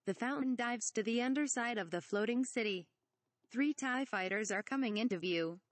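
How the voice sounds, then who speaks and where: A woman's voice: a little high, normal speed, no room sound. Woman reading a parody script, dry sound. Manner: reads stage directions plainly, says asterisk for bleeped words. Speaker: reader.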